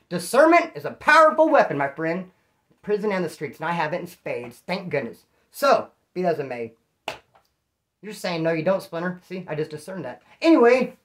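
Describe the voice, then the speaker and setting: A middle-aged man from California, hosting his own channel and telling prison stories in a rambling, profane, self-mocking monologue to his viewers. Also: high-pitched. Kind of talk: casual storytelling monologue.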